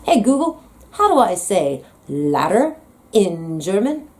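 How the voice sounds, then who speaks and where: A woman's voice: medium pitch, sing-song, takes it slowly, darkish tone. An American woman talking in a comedic vlog monologue, playful, teasing and dramatic. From United States. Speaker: vlogger.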